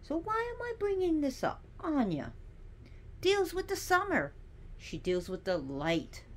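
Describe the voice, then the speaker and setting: Lively, slow-talking woman teacher. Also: high voice. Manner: chatty, digressive, with sassy asides. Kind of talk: casual teaching monologue.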